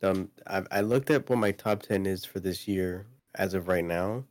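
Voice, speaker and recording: A man's voice: low voice, normal speed, dry recording. A man co-hosting a casual podcast chat about video games, rambling with lots of fillers and restarts. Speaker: podcast co-host.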